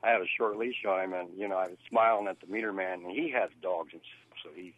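A man's voice: low voice, fast, narrow, tinny audio. A man calling in to a radio show, eagerly describing his dog's behavior. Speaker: caller. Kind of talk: radio call-in chat.

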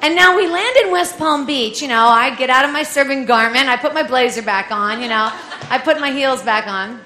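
Woman, 40s, comic storyteller; high, bright voice, animated delivery, echoey room. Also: normal speed, a little hiss or hum. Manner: lively, animated, acts out voices of others. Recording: echoey room with faint ambience.

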